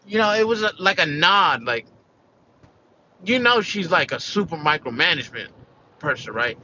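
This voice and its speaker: Bright-voiced American man ranting casually. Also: a little high, very animated, normal speed, lo-fi sound, slight background noise. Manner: rambling and profane, full of "like" and "you know". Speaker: vlogger. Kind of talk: casual rant to camera.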